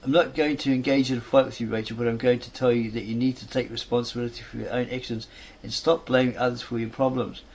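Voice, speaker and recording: A man reading the lines of a calm, composed young actress who soothes an angry rival. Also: mid-range voice, vocal fry. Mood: soothing. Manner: measured, soothing.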